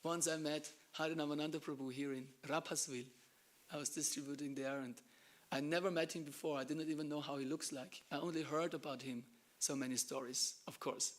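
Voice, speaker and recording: Guy giving a temple class, kinda high voice, animated, goes quiet and hushed sometimes. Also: a little fast. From Germany. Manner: animated storytelling, acts out dialogue, drops to hushed asides. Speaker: temple lecturer. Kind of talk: devotional class talk.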